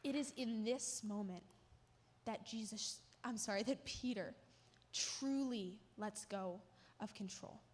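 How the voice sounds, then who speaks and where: A woman's voice: medium pitch, slow, slight background noise. A woman giving a sermon, retelling a story vividly with emotional emphasis. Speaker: church speaker. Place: church. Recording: long hall reverb.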